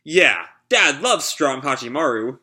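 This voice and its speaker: Kind, teasing dad, read by a man, slightly raised, bright. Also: mid-range voice, very animated, a little slow, full character voice. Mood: fond. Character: kind, cheerful adoptive father, gently teasing.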